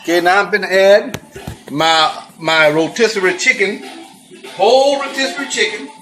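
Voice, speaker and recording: A man's voice: sits high, moderate pace, pushed and bright, faint music behind, rough recording. A man hosting a casual cooking demonstration, exuberant and folksy with whooping exclamations. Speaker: cooking show host.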